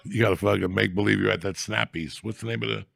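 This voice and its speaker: A middle-aged man hosting a podcast, talking in a rambling, profane, mock-gruff comic style. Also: on the low side, steady tone, fast talker, fairly bright tone. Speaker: podcast host. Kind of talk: casual comedic rant.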